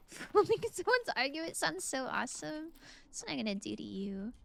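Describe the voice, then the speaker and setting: A woman's voice: sits high, big pitch swings, a little slow, vocal fry, fairly bright tone. A woman streamer chatting casually while playing a game, musing aloud and answering her chat.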